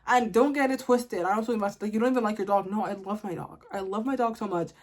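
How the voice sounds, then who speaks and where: A woman's voice: medium pitch, fast talker. A woman, ranting bluntly and comically to camera in a casual vlog. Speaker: vlogger.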